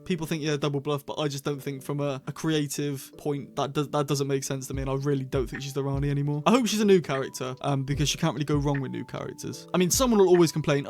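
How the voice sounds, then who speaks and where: A man's voice: a little high, fast talker, hardly any pauses, darkish tone, soft background music. A man hosting a casual review vlog, talking in a chatty, rambling way and often correcting himself. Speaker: channel host reviewing episodes.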